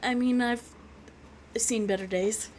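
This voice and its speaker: A woman playing in a tabletop game, chatty and quick to laugh. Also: fairly high pitch, fairly even intonation, a little mellow, slight background noise. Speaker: player. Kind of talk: casual tabletop play.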